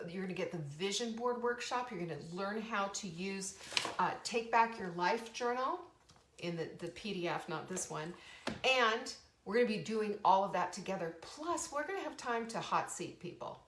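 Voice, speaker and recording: A woman's voice: mid-range voice, normal speed, a bit bright. A middle-aged woman hosting a live show, talking in a bubbly, enthusiastic, chatty way with many restarts. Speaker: host. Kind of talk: live show, casual talk. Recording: roomy echo.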